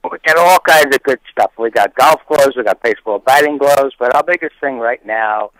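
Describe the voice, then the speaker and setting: Bright-voiced man, dry jokes, on a call. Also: mid-range voice, normal speed, no room sound, rough recording. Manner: dry joking, plain explanations. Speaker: caller, business partner. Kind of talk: phone-in chat.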